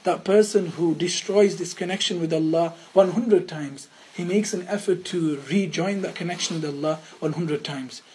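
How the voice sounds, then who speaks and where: A man giving a religious lesson, earnest and storytelling, often repeating his phrases for emphasis and dropping to hushed tones for quotes. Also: high voice, moderate pace, hardly any pauses, a little hiss or hum, rough recording. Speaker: Islamic teacher.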